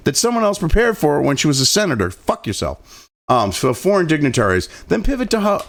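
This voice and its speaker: Guy with a high voice that swings all over, ranting and cussing sarcastically. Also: sing-song, a little fast, gravelly. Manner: crude, sarcastic, heavy swearing. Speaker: host of a political commentary channel. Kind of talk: profane political rant.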